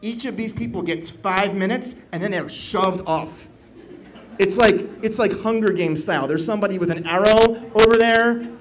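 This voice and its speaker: A man working as an event emcee, energetically leading a live audience in call-and-response chants and shouting to pump them up. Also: sits high, normal speed, low-quality recording. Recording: live event with loud crowd and background noise. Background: crowd noise.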